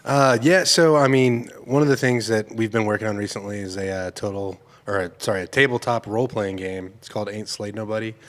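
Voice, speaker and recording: A man's voice: fairly low pitch, brisk, hardly any pauses. A man guesting on a podcast, talking easygoing and rambling, with some self-deprecating humor. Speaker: guest, former college football player. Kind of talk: casual podcast conversation. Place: podcast studio, seated at a table.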